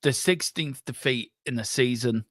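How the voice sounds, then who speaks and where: A man's voice: medium pitch, moderate pace, dry recording, clean studio sound. A man hosting a casual football fan talk show, frank and emotional, rambling between reader comments.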